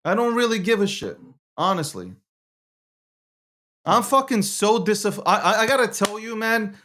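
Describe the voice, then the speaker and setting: A man's voice: high voice, big pitch swings, normal speed, long pauses, sharp tone, slight background noise. A man hosting and producing a live show, talking in a heated, repetitive way with heavy swearing.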